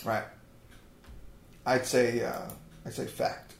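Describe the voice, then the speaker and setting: A man's voice: mid-range voice, little pitch movement, takes it slowly. A man joking in sarcastic, mock-conspiratorial banter, often swearing as he co-hosts a comedy podcast. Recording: roomy echo.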